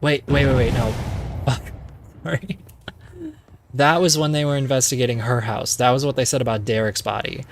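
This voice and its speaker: A man's voice: mid-range voice, fairly even intonation, normal speed, creaky, long pauses, slight background noise. A male streamer chatting casually while playing, retelling a story in a rambling, playful way full of fillers. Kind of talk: casual gameplay commentary.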